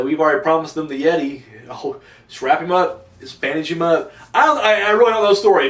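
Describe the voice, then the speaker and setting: A man's voice: high voice, a bit bright. A man giving a casual, rambling and profane video review, with a sarcastic edge. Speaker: wrestling reviewer. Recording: echoey room, distant mic.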